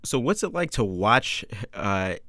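A man interviewing an actress, friendly and quick to laugh, stumbling a little into his questions. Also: on the low side, sing-song, sharp tone, dry recording, clean studio sound.

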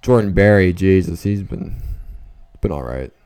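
A man podcasting alone, reacting casually to a live football game as he watches, rambling and excitable, dropping to nervous mutters and jumping to outbursts. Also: low voice, a little slow. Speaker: solo podcaster. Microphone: talking into a microphone at home late at night.

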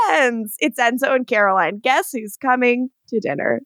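A woman co-hosting a podcast, recapping an episode in casual chat, animated and profane, acting out the characters' lines. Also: fairly high pitch, moderate pace, hardly any pauses, dry recording, studio quality. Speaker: podcast co-host.

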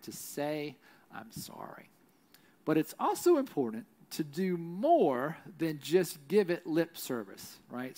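Conversational pastor, slightly high voice. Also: male voice. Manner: conversational preaching, often adds "right?"; slows down and drops to a hush for key lines. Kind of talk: sermon.

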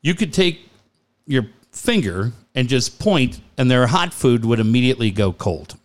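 A middle-aged man bantering on a podcast. His pitch swings widely as he jokes, curses freely and acts out silly quoted lines in an everyday voice. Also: sing-song, unhurried. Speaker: podcast co-host. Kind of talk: casual banter.

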